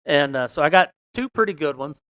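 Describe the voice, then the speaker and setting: A man telling a long fishing story in a casual, folksy way, rambling with many "and, uh" pauses. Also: a little high, lively intonation, a bit bright, smooth, no room sound. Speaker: podcast guest telling a story.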